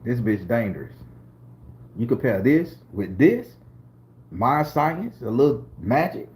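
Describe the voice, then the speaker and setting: A man's voice: mid-range voice, sing-song, takes it slowly, a little mellow. A middle-aged man from southern Florida with a Southern US accent, telling a story to camera in a slangy, profane, streetwise way. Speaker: channel host storyteller.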